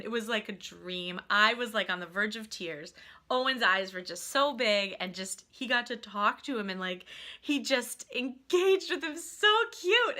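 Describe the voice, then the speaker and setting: A woman vlogger casually telling a family trip story, gushing and animated, saying "like" constantly. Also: fairly high pitch. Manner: animated and gushing, heavy use of "like".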